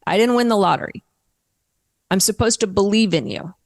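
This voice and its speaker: A man's voice: high voice, fairly quick, long reverb tail. A woman voicing a frustrated man who complains to God that he never won the lottery. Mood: exasperated. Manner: exasperated complaining.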